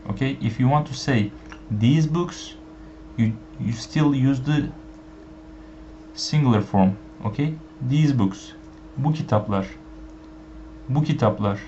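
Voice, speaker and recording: A man whose first language is Turkish gives an online language lesson, speaking slowly with many fillers and repeating each example phrase. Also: medium pitch, warm tone. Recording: dull lo-fi sound with faint background hiss.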